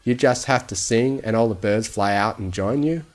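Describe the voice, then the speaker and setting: A man doing a kind, calm old stallion. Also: fairly low pitch, normal speed, lightly acted. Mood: kindly calm. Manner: calm, gentle, conversational. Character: kindly old male earth pony gardener, calm and patient.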